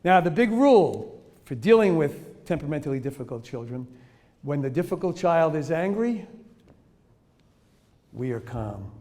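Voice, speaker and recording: Animated man giving a joking lecture. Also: fairly high pitch, moderate pace, pauses often. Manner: joking, animated, laughs often, acts out examples. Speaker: child behavior speaker. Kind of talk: humorous lecture to teachers.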